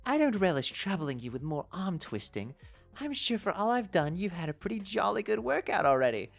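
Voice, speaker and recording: A man's voice: fairly high pitch, huge pitch swings, a little fast, fairly bright tone, soft background music. A man reading aloud as a cryptic, teasing woman in a put-on posh British accent.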